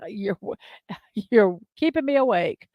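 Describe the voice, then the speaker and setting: A woman's voice: mid-range voice, expressive, slow, no room sound, muffled recording. A woman hosting a daily morning livestream, chatting casually and giggling as she talks to viewers in the chat. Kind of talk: casual live-stream chat.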